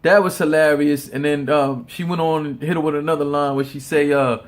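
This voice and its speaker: A man with a voice pitched a touch above the usual talks through a battle rap in a loose, profane, off-the-cuff way. He stumbles over repeated words and laughs often as he gives his opinion. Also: steady tone, fairly quick. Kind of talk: casual opinion commentary.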